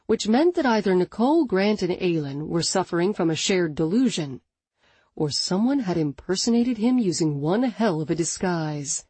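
Husky woman narrating an audiobook. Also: on the low side, moderate pace, dry recording. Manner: expressive, dramatic reading. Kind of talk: scripted narration.

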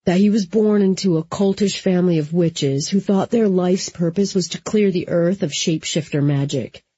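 A woman reading the part of a shaken young man who quietly confesses a family secret, in a dry, slightly dull recording. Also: high-pitched, normal speed, husky, no echo. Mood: grim. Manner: quiet, hushed.

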